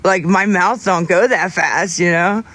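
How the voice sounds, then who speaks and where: A young man livestreaming, chatting casually with viewers in a rambling, halting way with many restarts. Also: sits high, pushed and bright.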